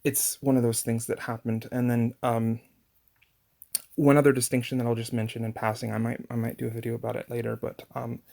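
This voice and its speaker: Gravelly man explaining pronunciation. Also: medium pitch, level tone, fairly quick, darkish tone. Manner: chatty, many fillers and restarts. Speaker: language teacher. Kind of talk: casual language lesson.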